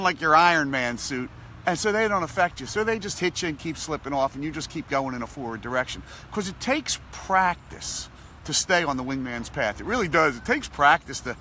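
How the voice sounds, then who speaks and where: A man giving a casual motivational talk, animated and repetitive in a coaching tone. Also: a little high, slight background noise. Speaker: motivational vlogger.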